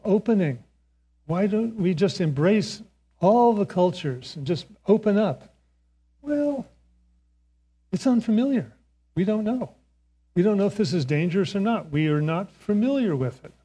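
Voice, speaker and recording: An older man with a high, mellow voice gives a reflective, motivational talk. He tells his story in a relaxed way and chuckles now and then. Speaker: speaker.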